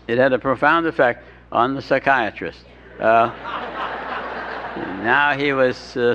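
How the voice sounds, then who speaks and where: A man's voice: mid-range voice, fairly bright tone. An older man telling his recovery story to an audience with dry humor, stumbling over words and acting out what others said. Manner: dry humor, restarts, quotes others in voices. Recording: dull lo-fi talk recording with faint hiss.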